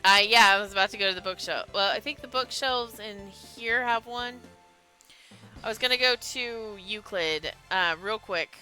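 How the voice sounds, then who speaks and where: A woman's voice: medium pitch, normal speed, pushed and bright, faint music behind. A young adult woman streaming a game with playful, trash-talking casual commentary. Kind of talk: casual let's-play commentary.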